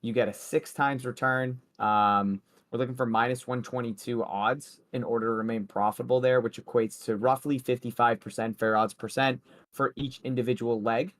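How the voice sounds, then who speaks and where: A man's voice: medium pitch, fairly even intonation, moderate pace. Young man, casual livestream host, joking, talks to chat. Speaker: sports betting stream host.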